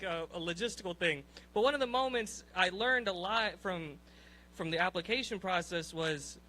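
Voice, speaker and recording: A young man doing a profane, animated stand-up set, ranting in disbelief and laughing at his own lines. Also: extremely high pitch. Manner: profane, animated, incredulous rants with frequent laughs. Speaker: stand-up comedian. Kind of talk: stand-up set at an open mic.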